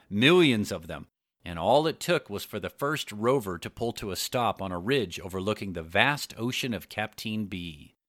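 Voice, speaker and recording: A man with a deep voice reads an audiobook at a steady, measured pace. The recording is close and dry, with no room sound. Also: no room sound. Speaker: audiobook narrator. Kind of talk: scripted narration.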